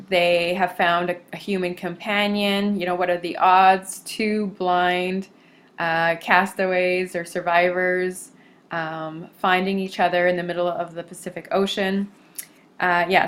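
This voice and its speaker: A woman giving a recorded literature lecture, explaining things step by step and pausing often on filler sounds. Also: lowish voice. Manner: hesitant, many filler sounds.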